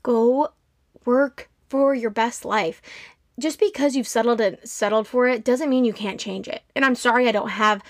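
Brief: woman in her twenties, podcast host, emphatic pep-talk delivery, brightish voice, dead-dry booth sound. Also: a little high, no room sound. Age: 20s. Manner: earnest and emphatic, with quick rants and acted-out quotes. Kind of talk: motivational solo podcast talk.

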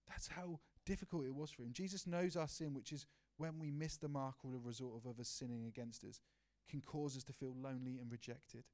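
A man preaching a sermon in an earnest, personal way, sometimes dropping to a hushed voice. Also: mid-range voice, steady tone, fairly quick.

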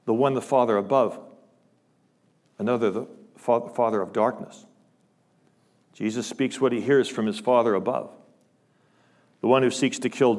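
A man preaching a sermon in a large church, speaking with passion, his voice rising loud on scripture quotes and falling to hushed asides. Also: mid-range voice, vocal fry. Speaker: guest preacher. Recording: long church reverb.

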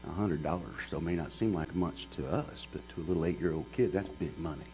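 A man's voice: sits low, brisk, dark tone, faint music behind, low-quality recording. A middle-aged man, a pastor preaching a sermon as a folksy storyteller. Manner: folksy storyteller who builds to passionate preaching.

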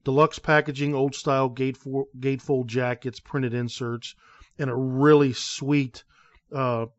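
An easygoing man chats on a casual podcast, often letting his phrases fade out softly. His pitch sits in the middle range. The sound is dry and slightly dull, like lo-fi audio. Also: flat delivery, a little slow, no echo. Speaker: podcast co-host.

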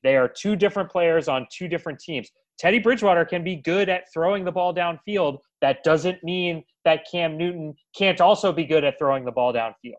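A man hosting a casual sports podcast, talking in a teasing, animated way. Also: fairly high pitch, brisk, few pauses, highs cut off. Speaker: podcast host.

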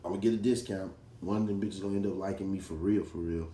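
Mellow low-voiced man, roomy sound. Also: steady tone, fast talker. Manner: laid-back, blunt, profane. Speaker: podcast co-host. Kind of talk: casual chat. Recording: roomy sound with faint noise.

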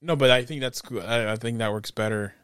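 A man's voice: medium pitch, fairly quick, a bit bright, clear, resonant tone, dry recording, clean studio sound. A young man co-hosting a casual film review podcast, laid-back and laughing often, trailing off with fillers. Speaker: podcast co-host.

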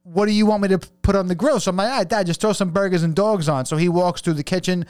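A man's voice: sits high, quick pace, a little mellow, no room sound. A man in his thirties, a podcast co-host, telling a long rambling story in casual chat, laughing and swearing often.

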